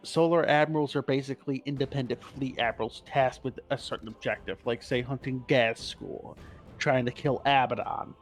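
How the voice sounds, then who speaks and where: A man in a mid-pitched voice talks through game lore on a laid-back podcast. He rambles, swears freely and stops to correct himself. Faint music plays underneath. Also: fairly even intonation, moderate pace. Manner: rambling, profane, self-correcting. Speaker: co-host explaining game lore. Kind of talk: casual podcast chat.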